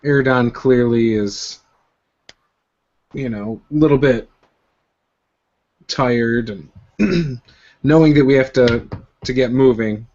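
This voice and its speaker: A man's voice: mid-range voice, takes it slowly, pauses often, a little mellow. Chill guy describing what his character does in a tabletop game, muffled stream sound. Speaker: player.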